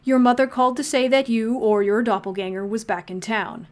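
A smooth, soothing male radio host, as a woman reader puts him on. He speaks with gracious small-town charm and a gentle, adoring ease. His voice sits a touch high in this audiobook reading. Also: a little fast, close to an everyday voice.

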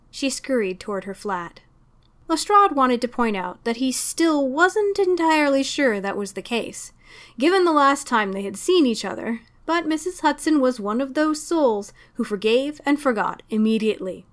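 Woman, story reader, steady expressive narration, slightly high pitch. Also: normal speed. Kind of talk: audiobook fan fiction reading.

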